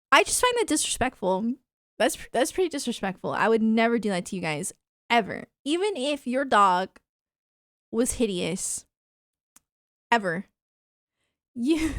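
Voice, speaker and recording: A woman's voice: high-pitched, dry recording, studio quality. A woman streamer chatting with her live chat, playfully mock-offended and laughing often. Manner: soft baby talk to her dog.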